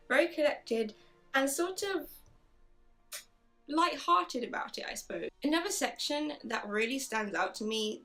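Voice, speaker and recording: A woman's voice: fairly high pitch, fairly bright tone. A woman chatting enthusiastically in a casual book review, reading passages aloud. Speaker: book vlogger.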